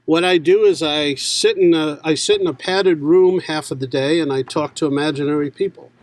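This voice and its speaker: A man's voice: a little high, normal speed, a little mellow. A man from New York, a guest voice actor chatting casually on a podcast and cracking jokes. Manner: wisecracking, laughs often.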